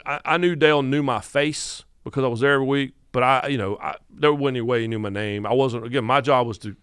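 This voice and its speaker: Male, 50s, North Carolina Southern accent, animated podcast storyteller, dry studio sound. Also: mid-range voice, fast talker, smooth, dry recording. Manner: animated storyteller who acts out quotes. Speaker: guest podcast host.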